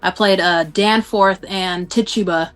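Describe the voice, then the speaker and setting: A young woman from the Bay Area, a game show contestant chatting casually as a guest, talking fast with lots of "like" fillers. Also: medium pitch, soft background music. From San Francisco Bay Area. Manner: fast, animated talk full of "like" fillers. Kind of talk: casual chat.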